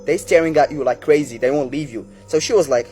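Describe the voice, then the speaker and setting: A man casually telling a horror story, chatting directly to his listeners with quick recaps and asides. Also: a little high, warm tone, soft background music.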